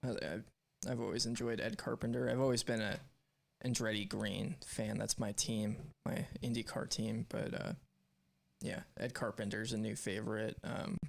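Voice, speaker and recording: A man's voice: lowish voice, flat delivery, moderate pace, vocal fry. A man co-hosting a live stream show, chatting casually and reading out messages from the chat in a rambling, candid way.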